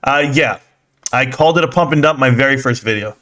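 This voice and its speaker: Blunt, animated male stream host. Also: mid-range voice, brisk. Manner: blunt, animated, talks back to chat, laughs often. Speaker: livestream host reading and answering chat. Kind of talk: casual livestream market commentary.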